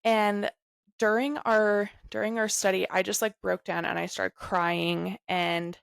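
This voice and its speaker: A woman guest candidly sharing a personal story, speaking softly and earnestly with frequent "like" fillers. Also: medium pitch, flat delivery, measured pace, gravelly, clear, resonant tone, no echo, studio quality.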